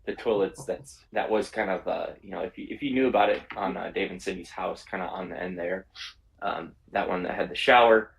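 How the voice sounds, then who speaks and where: A man's voice: low voice, a little fast, gravelly, poor audio. A man co-hosting a podcast, talking in a rambling, hesitant way with many fillers. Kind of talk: casual chat.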